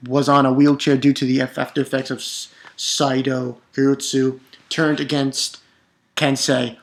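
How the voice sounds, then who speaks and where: A man casually reviewing a comic chapter, rambling with restarts and bursting into excited, profane outbursts. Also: medium pitch. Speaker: manga reviewer.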